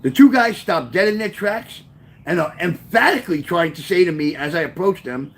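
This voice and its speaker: A man reading his own memoir aloud, telling the story with lively, offhand asides. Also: high-pitched, normal speed. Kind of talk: first-person memoir storytelling.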